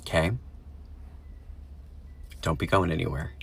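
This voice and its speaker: A man's voice: sits low, fairly even intonation, measured pace, gravelly, slightly rough. A man giving laid-back commentary and speaking straight to the listener. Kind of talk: casual commentary to camera.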